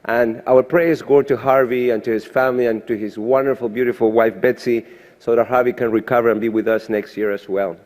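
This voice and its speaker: Man, 60s, heartfelt podium speech, mid pitch, long hall reverb. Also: fairly even intonation, fairly quick, a little mellow. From Argentina. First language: Spanish. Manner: heartfelt, thanking people one by one. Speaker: surgeon giving a presidential address. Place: large convention hall.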